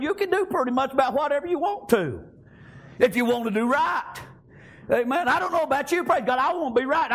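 High-voiced fervent preacher man. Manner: fervent preaching with frequent "praise God" and "amen", rising to shouts. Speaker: pastor. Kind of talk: sermon.

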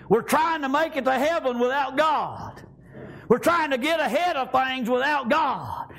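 A preacher man with a strikingly high voice delivers a fervent sermon. He scatters "praise God" and "amen" through his lines and climbs into shouts as he presses his point. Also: animated, moderate pace, creaky. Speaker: pastor.

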